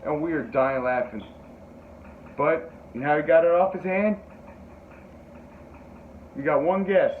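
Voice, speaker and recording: Male podcast host, animated rambling storyteller, high-ish voice, tinny lo-fi sound. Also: measured pace, pauses often. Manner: animated, rambling, profane, acts out quotes in high yelps. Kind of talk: casual storytelling chat. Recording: tinny phone-like sound with faint noise.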